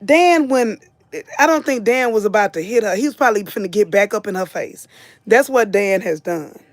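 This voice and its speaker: A middle-aged woman hosts a casual live stream, greeting viewers by name and repeating her phrases with a drawl. Her voice sits in a middle pitch. The sound is dry and close, with no room around it. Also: expressive, normal speed, no room sound. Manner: chatty, reads viewer names aloud, drawls and repeats phrases. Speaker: host of a live commentary stream. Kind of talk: casual live-stream chat reading comments.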